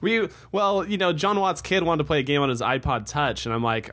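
A man co-hosting a podcast in casual, joking chat, rambling and animated. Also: fairly high pitch, brisk, few pauses. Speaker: podcast co-host.

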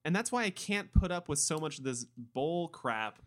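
A man's voice: on the high side, moderate pace. A man co-hosting a casual podcast chat, emphatic and acting out little quotes as he talks. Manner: animated and emphatic, acts out quotes. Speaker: podcast co-host.

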